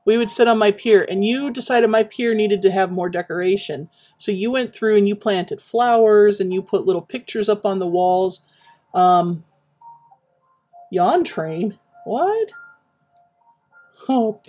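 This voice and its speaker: A woman chatting casually while building in a game, rambling and reminiscing with many pauses and fillers. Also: mid-range voice, animated, a little mellow. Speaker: Minecraft streamer.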